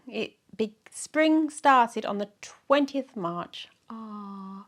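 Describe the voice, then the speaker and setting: A woman's voice: on the high side, animated, takes it slowly, hardly any pauses. A woman in her forties chatting casually in a vlog, reading out her week's diary in a rambling, self-mocking way. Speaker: weight-loss vlogger.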